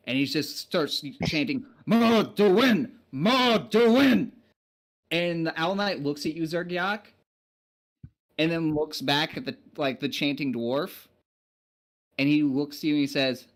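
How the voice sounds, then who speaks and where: Male game master, casual rambling narration, fairly high voice. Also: fairly bright tone. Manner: casual, rambling with many fillers.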